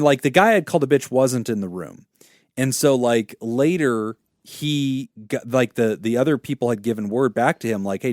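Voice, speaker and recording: A man who works as a therapist, co-hosting a podcast and telling a story in a casual, animated way, swearing freely. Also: medium pitch, no room sound, studio quality.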